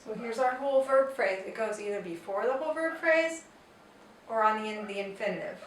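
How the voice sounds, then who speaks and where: A woman's voice: on the high side, a little fast. A woman teaching a Spanish grammar lesson, explaining patiently and step by step with example sentences. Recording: roomy echo, distant mic, faint noise.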